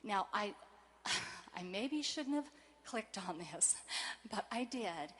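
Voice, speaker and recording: A woman giving a motivational convention speech, telling personal stories in a warm, emotional way. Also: mid-range voice, animated, takes it slowly. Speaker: convention speaker.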